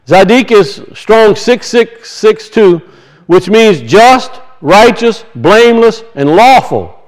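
A man's voice: high-pitched, animated, slow pace, low-quality recording. A man preaching a sermon, teaching from scripture and emphatically asking and answering his own questions.

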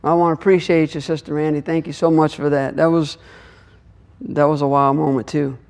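A Torah teacher offers earnest, repetitive devotional teaching on scripture and prays aloud. His voice sits on the high side, level in tone and slightly mellow, with some creak, and he talks fairly quickly.

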